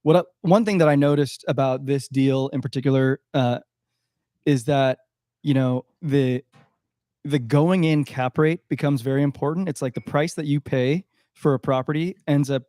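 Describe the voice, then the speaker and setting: A man's voice: mid-range voice, steady tone, moderate pace, mellow, no room sound. Male co-host, thoughtful, filler-heavy delivery, dry mic. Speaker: podcast co-host. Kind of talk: casual chat.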